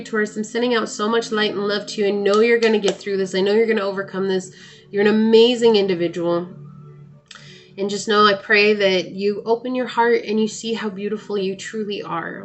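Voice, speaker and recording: A woman giving a tarot reading to her viewers, reading card texts aloud and offering gentle, encouraging advice. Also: mid-range voice, steady tone, fairly quick. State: hiccuping. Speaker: tarot reader.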